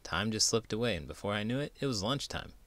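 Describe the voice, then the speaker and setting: A man, an elementary school teacher, reading a children's book aloud in an animated, playful way. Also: fairly low pitch, fast, dry recording.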